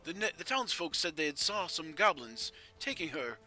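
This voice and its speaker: A man voicing an anxious village miller who talks in a halting, hesitant way. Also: fairly high pitch, lively intonation, sharp tone, soft background music, pitched above the performer's own voice.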